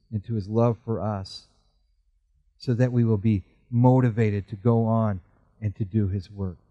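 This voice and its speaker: A middle-aged pastor preaches earnestly in a warm voice, acting out Bible figures with rising pitch as he goes. The recording is muffled.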